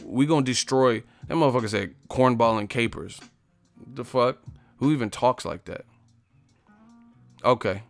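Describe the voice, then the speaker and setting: A man's voice: mid-range voice, moderate pace, creaky, long pauses, faint music behind. A man hosting a live stream, confrontational and profane as he roasts the commenters in his chat. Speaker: livestream host.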